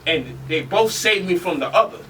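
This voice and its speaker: A man telling stories to a live audience in an animated, joking way, laughing often. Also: high-pitched, moderate pace. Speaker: speaker. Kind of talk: storytelling lecture. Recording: distant mic with faint noise.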